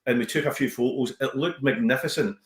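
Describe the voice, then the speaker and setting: A Scottish man, a comedian, chatting casually on a podcast as an animated storyteller who slips into voices. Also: medium pitch, fairly quick, reverberant. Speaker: comedian guest.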